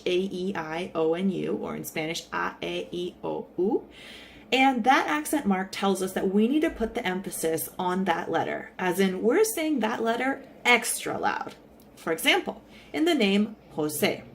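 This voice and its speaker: A woman's voice: medium pitch, a little hiss or hum. A woman Spanish teacher giving a casual, friendly explanation in an online lesson. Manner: friendly explaining, lively intonation. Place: in San Salvador.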